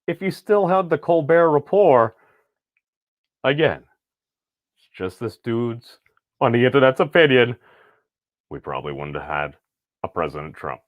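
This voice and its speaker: A man's voice: medium pitch, very animated, normal speed, pauses often, no room sound, dull audio. A middle-aged man hosting a casual online commentary video, talking in rambling, wry asides.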